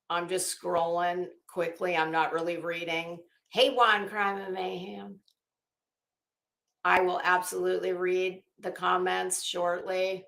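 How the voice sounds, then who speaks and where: A woman's voice: fairly low pitch, a bit bright, reverberant. A middle-aged woman hosting a casual livestream, blunt and chatty, greeting viewers by name. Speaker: livestream host.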